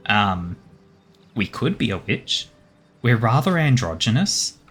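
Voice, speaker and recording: A streamer playing a game and musing aloud, with frequent chuckles. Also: male voice, mid-range voice, very animated, slow, a bit bright, breathy edge, faint music behind. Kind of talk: casual game commentary.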